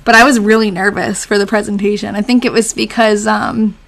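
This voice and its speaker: A woman's voice: medium pitch, little pitch movement, a little fast, gravelly, a bit bright. A young woman hosting a casual live stream, chatting with viewers, answering their comments and laughing often. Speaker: live stream host reading old diaries.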